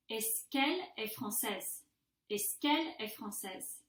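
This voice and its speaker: A woman, a language instructor, recording a mini-lecture and patiently modeling example sentences aloud. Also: a little high. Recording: echoey room.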